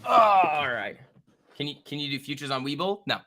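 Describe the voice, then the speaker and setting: Fairly high-pitched, bright and forceful, this man hosts a live stock trading stream at normal speed with an expressive delivery. He offers casual market commentary, thinking out loud loosely as he reads the action, with an occasional swear word.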